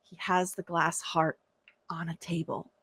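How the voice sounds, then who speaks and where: A woman hosting a podcast, chatting casually about a TV episode, animated and laughing often as she acts out lines. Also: on the low side, unhurried, husky, no echo. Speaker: podcast host. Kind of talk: casual chat recapping a TV episode.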